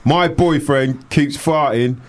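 A man's voice: fairly high pitch, slow pace. A man co-hosting a chat show, reading listener messages in a slangy, laddish way. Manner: laddish, slangy, keeps tacking on "mate" and "you know what I mean". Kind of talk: banter-heavy casual chat.

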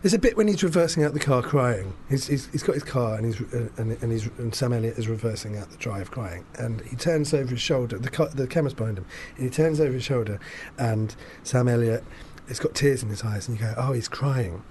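A man talks through a casual chat in a loose, rambling way, full of asides and swearing. His voice sits at an ordinary pitch for a man. A faint hiss of noise runs underneath. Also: a little fast, hardly any pauses. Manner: rambling, animated, swears freely. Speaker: podcast host.

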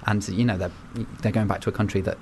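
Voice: sits low, steady tone, fast, slight background noise. A young radio host, chatting casually on air and laughing often.

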